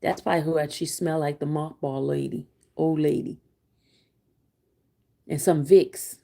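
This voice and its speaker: A woman's voice: sits low, fairly even intonation, unhurried, vocal fry, mellow. A woman co-hosting a casual livestream, blunt and teasing as she talks back to the chat.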